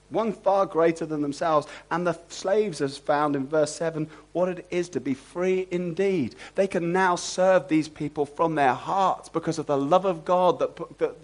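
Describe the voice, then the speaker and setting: A man preaching an expository sermon, animated and asking the congregation rhetorical questions. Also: on the high side.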